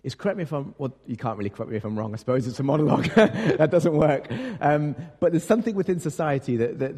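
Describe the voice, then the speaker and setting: A man's voice: on the high side, a little mellow. A man preaching a sermon as pastor, conversational and self-deprecating, with frequent fillers and repeated words. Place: church. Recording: long church reverb.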